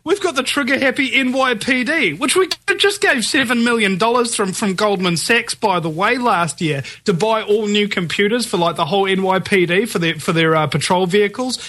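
A male guest in a casual conversation talks in an animated, disbelieving way and rambles through his points with fillers. His voice is high and bright. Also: moderate pace, few pauses. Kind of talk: casual chat.

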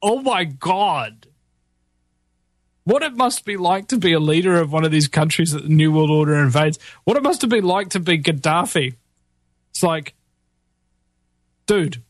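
A man's voice: a little high, measured pace, long pauses, dry recording. Sarcastic man with a dry close sound. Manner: mocking, animated, laughs at own jokes. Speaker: commentator. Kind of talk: sarcastic political commentary.

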